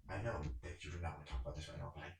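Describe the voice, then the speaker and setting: A man voicing a royal law official who presses his point quietly and quickly. His voice is low, with an echoing room behind it. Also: completely flat delivery. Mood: insistent. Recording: roomy echo.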